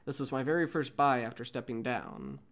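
A man reading a gruff male ship captain, a former politician, who speaks bluntly and matter-of-factly in a fan script reading. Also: mid-range voice, very animated, brisk.

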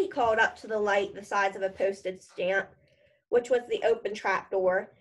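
A woman reading a children's novel aloud, her voice sitting somewhat high. She narrates in a plain, casual storytelling manner. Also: moderate pace, poor audio. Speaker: reader.

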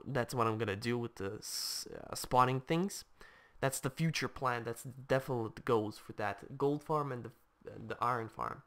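A man giving casual let's-play commentary, reacting aloud to the game in a chatty, excitable way while attempting a put-on English accent. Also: mid-range voice. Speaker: gameplay commentator.

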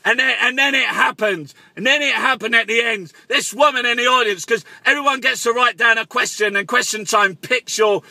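A man delivers a shouty, excitable comic rant and stammers over repeated words. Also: extremely high pitch, a little fast, vocal fry, few pauses, no room sound.

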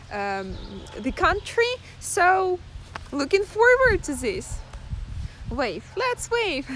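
A woman from Ukraine, giving a live-streamed guided tour outdoors in a chatty way, full of fillers and pauses. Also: high voice, fairly bright tone, a little hiss or hum. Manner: chatty, hesitant with many fillers. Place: outdoors in a town.

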